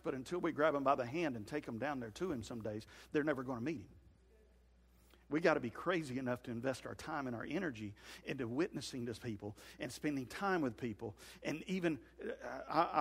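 A man preaching a sermon as a pastor, folksy and animated. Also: a little high, a little fast, slightly rough. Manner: folksy, animated, acts out scenes in comic voices. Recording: hall reverb.

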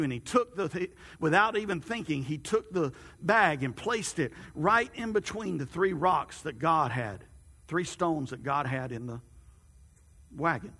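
A man preaching a sermon, telling a story in an animated, halting way in a large hall. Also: a little high, slightly rough. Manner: animated, halting narration with repeated restarts. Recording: long hall reverb.

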